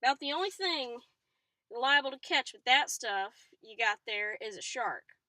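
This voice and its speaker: A woman reading the lines of a calm, easygoing male fisherman in a storybook, in her own bright voice with little change. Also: on the high side, normal speed, dry recording.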